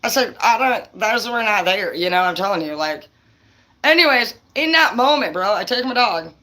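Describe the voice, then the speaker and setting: A woman's voice: mid-range voice, expressive, normal speed, pushed and bright. A woman vlogging a personal story in a rambling, heated, foul-mouthed monologue, full of restarts and "dude". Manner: profane, heated, peppered with "dude" and "bro"; rambling, with frequent restarts and fillers.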